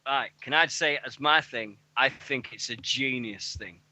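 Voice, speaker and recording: A British man co-hosting a wrestling radio show, chatting excitably, laughing often and swearing freely. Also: mid-range voice, a little slow, dry recording. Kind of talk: casual podcast chat. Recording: dull lo-fi podcast audio.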